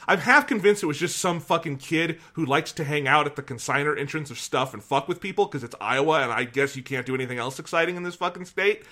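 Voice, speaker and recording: Podcast host, man, bright and animated storyteller, casual and profane. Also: a little high, fast talker, hardly any pauses. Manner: animated, swears freely.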